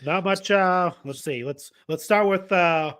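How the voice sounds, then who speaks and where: A man's voice: high-pitched, a little slow, a bit bright, smooth. A man co-hosting a casual wrestling podcast, rambling with many fillers like "you know" and "uh". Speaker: podcast co-host. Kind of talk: casual chat.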